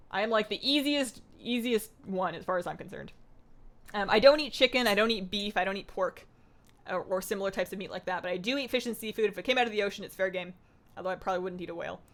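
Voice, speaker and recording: Speaking fast in a mid-range, slightly bright voice with lively intonation, this young streamer of Greek heritage plays a game live. She chats in a bubbly, rambling way, reading the chat aloud and answering viewers.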